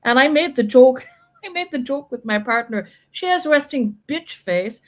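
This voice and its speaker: A woman's voice: high-pitched, animated, normal speed, rough recording. A woman hosting a casual live chat about a reality show, opinionated and chatty, with lots of fillers.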